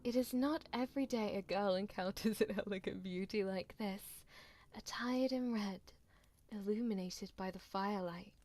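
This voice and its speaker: Woman streamer, mid-pitch voice, reads game narration, playful asides to chat, faint music behind. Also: darkish tone. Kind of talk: reading a visual novel aloud on stream, chatting with viewers.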